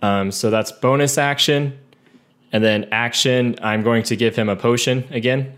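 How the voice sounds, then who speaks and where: A man's voice: medium pitch, steady tone, normal speed, a bit bright. A man playing a tabletop game, explaining his turn hesitantly with fillers. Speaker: player.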